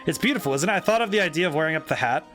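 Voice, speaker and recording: A man's voice: fairly high pitch, expressive, racing, a bit bright. A man reading the lines of a cheerful teenage girl spirit medium in a video game, with faint game music behind. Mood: upbeat.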